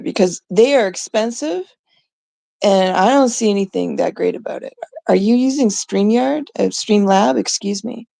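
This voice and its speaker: A woman's voice: mid-range voice, vocal fry, dark tone, dry recording. A middle-aged woman from Canada ranting casually and profanely to her viewers. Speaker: vlogger. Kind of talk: casual rant to camera.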